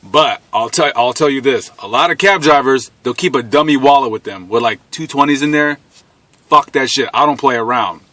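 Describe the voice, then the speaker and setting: A man's voice: mid-range voice, normal speed, bright, forceful tone, dry recording. A man in his thirties telling a personal story in a blunt, profane, casual way, often laughing as he goes.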